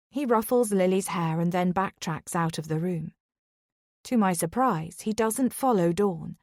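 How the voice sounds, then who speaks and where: A woman narrating a first-person thriller in a measured, even storytelling manner. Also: lowish voice, no echo, clean studio sound. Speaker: audiobook narrator.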